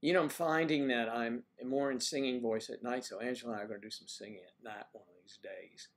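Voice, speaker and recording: A man's voice: mid-range voice, steady tone, fast. An older man hosting a casual livestream, musing aloud and trading folksy sayings in a loose, rambling way. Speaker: livestream host.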